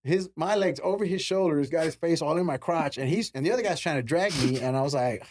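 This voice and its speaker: Man in his forties, brisk storyteller with a high-ish voice, acts out quotes; podcast guest. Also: darkish tone, slight background noise. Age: 40s. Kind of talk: casual anecdote telling.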